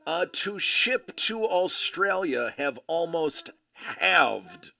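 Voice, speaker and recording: A man's voice: fairly high pitch, sing-song, extremely slow, creaky, sharp tone. A man hosting a casual live stream, reading viewer comments aloud and chatting back to them.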